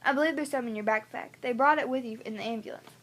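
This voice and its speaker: A woman voicing a caring mother of a hurt teenage son, speaking softly and reassuringly. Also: a little high, fast. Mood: tender.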